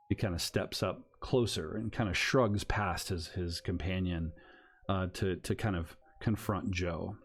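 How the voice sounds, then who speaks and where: A man narrating a tabletop horror game as game master, lively with quick asides. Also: low-pitched, faint music behind.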